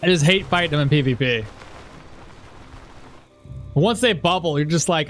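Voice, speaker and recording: A male game streamer talking through live gameplay in a loose, rambling way. He chuckles and swears casually as he goes. His voice sits a bit high for a man, and soft music plays underneath. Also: moderate pace, long pauses.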